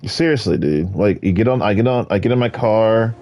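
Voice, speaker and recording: A man's voice: on the low side, lively intonation, a little fast, a little mellow, lo-fi sound. A man ranting in an exasperated, rambling way, full of fillers, while commenting on his gameplay. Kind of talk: casual rant over gameplay.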